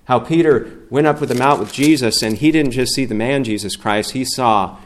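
A man's voice: mid-range voice, moderate pace. Earnest preaching man, drawl. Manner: earnest preaching, rising loud on scripture readings. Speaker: guest preacher. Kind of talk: sermon.

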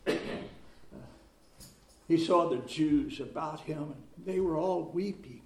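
A pastor preaching a sermon, repeating phrases for emphasis and reading scripture aloud with rising force. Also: male voice, a little high, slow pace, darkish tone. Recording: roomy echo.

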